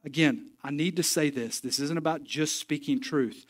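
Man, pastor, slightly high voice, folksy joking sermon, emphatic. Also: normal speed. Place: church sanctuary.

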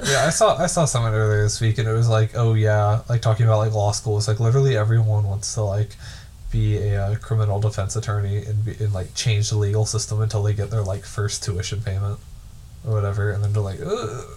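A man's voice: on the low side, little pitch movement, fast, darkish tone. A young man trades dry, sarcastic remarks on a casual podcast. He tends to trail off mid-sentence and restart. A faint hiss of noise runs underneath. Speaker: podcast co-host. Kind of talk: casual chat.

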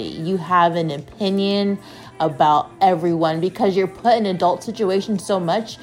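A woman in her twenties from the American Southwest, hosting a solo podcast and telling stories in an animated, chatty way, full of "like" and restarts. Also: medium pitch. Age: 20s. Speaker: podcast host. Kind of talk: casual solo podcast monologue.

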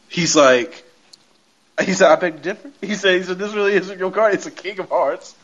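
A man's voice: high-pitched, normal speed, highs cut off. A man hosting a podcast, retelling a TV episode in casual chat, laughing often and quoting the characters. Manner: animated retelling with frequent laughter and quoted lines. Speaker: podcast host.

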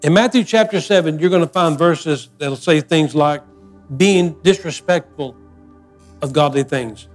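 An older male pastor preaching in a folksy, emphatic way. His voice sits high for a man, and he drives his points home by repeating phrases. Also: unhurried, soft background music. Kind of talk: sermon.

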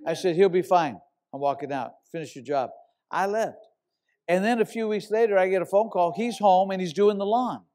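An older man preaching with a voice pitched a little above the usual for men. He tells his story in a loose, conversational way, then suddenly climbs into loud, emphatic shouts. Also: fairly quick. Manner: animated storyteller, bursts into loud shouts when quoting himself. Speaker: pastor. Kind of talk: sermon storytelling.

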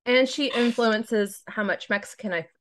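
A woman's voice: fairly high pitch, moderate pace, a bit bright. A woman co-hosting a podcast in casual chat, teasing and joking crudely. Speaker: podcast co-host.

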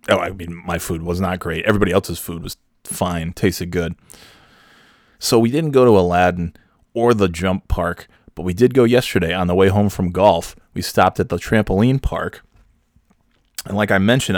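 A man's voice: sits low, dry recording, studio quality. A man from New York telling a rambling, joking story in a casual vlog with many fillers. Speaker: vlogger.

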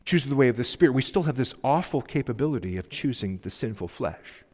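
Male pastor, mid-pitched, earnest exhortation, reverberant sanctuary. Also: lively intonation, a little fast. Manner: earnest, pleading exhortation with sudden soft drops. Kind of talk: sermon. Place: church sanctuary. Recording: long reverb of a church hall.

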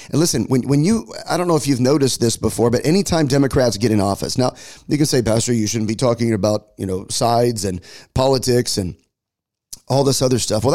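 A man's voice: mid-range voice, a little mellow. A man, a pastor giving an impassioned political commentary monologue and repeating words as he builds each point. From United States.

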